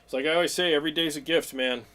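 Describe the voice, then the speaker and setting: A man hosting a weekly livestream, talking in an excitable, rambling way and greeting viewers by name. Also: a little high, rapid-fire. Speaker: livestream host. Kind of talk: casual livestream chat.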